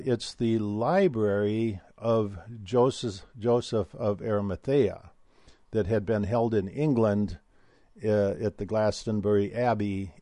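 An older man hosting a solo talk, speaking in a rambling, digressive way with frequent hesitant pauses. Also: on the low side, mellow, no room sound.

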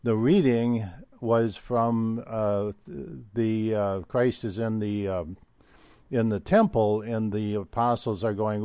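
An older man hosting a solo talk, speaking in a rambling, digressive way with frequent hesitant pauses. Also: lowish voice, fairly even intonation, dark tone, clear, resonant tone, dry recording.

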